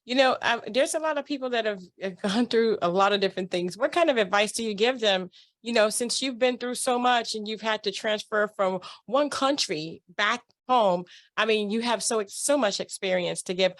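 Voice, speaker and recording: A woman's voice: on the high side, normal speed. A woman hosting a casual interview, encouraging her guest and laughing easily. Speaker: interview host.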